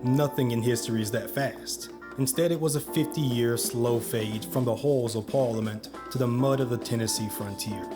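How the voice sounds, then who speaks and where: A man's voice: medium pitch, moderate pace, few pauses. A man giving scripted history narration, with wry joking asides. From United States. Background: background music.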